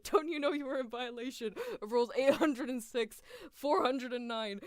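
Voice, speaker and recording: A woman's voice: high voice, normal speed, darkish tone, dry recording, studio quality, voice pushed up, close to an everyday voice. A woman impersonating a furious, rule-obsessed young male house warden, indignantly rattling off rule numbers. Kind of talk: mock impression on a reaction stream.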